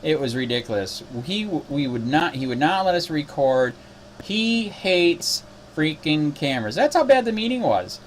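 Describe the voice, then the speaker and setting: A man's voice: fairly high pitch, big pitch swings, normal speed, a little hiss or hum. A man who is a cop watch activist, talking in a casual spoken recap, indignant and exasperated.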